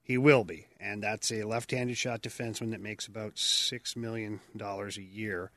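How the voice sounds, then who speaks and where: Man, hockey podcast co-host, animated storyteller, bright, dry close mic. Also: on the low side, moderate pace, no room sound. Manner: animated storyteller, puts on voices in anecdotes. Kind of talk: casual sports chat.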